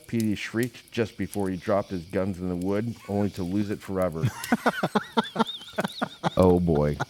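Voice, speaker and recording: A man, a podcast host, narrating a comedic spooky story in a deadpan voice that keeps cracking into laughter. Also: fairly low pitch, slight background noise.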